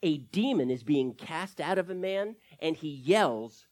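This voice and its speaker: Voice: medium pitch, expressive, unhurried, few pauses, darkish tone. A pastor preaching a sermon, working through scripture verse by verse and asking the listeners rhetorical questions.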